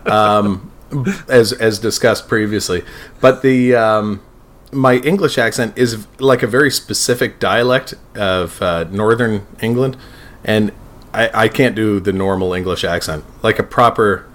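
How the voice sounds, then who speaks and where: Low-voiced man rambling on a podcast. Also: unhurried, a bit bright. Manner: rambling, swears and laughs often. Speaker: podcast co-host. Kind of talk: casual chat.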